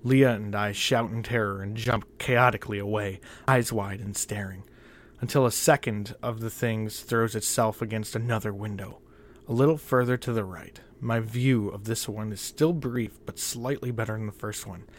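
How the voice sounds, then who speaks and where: A man's voice: on the low side, steady tone, normal speed, slight background noise. Man narrating a tense horror story.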